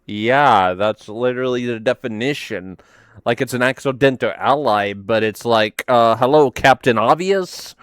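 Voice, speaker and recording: A man's voice: medium pitch, unhurried, a bit bright, clear, resonant tone, no echo. A man hosting a reaction video, talking casually in a rambling, sarcastic way with lots of "like".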